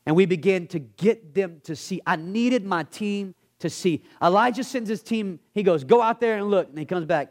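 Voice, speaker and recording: A man preaching a sermon as a guest pastor, acting out characters in lowered voices. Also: normal speed, hardly any pauses. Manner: animated, acts out bible characters in dropped voices.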